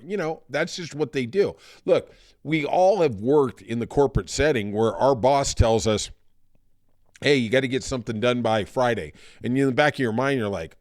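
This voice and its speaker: A man's voice: mid-range voice, expressive, normal speed, darkish tone, no echo, clean studio sound. A man hosting a solo political podcast, talking in a conversational, thoughtful way. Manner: conversational, thoughtful, turning somber. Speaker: podcast host.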